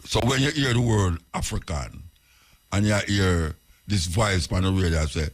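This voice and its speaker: A man's voice: low-pitched, expressive, moderate pace. A man with a Jamaican accent hosting a radio talk, lecturing through rhetorical questions. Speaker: radio host.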